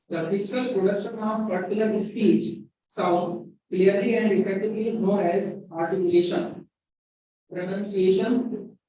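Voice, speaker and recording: A man with an Indian English accent giving a classroom lecture at a university, speaking slowly and repeating key words for emphasis. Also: high-pitched, mellow, a little hiss or hum. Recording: very echoey, distant, dull lo-fi sound.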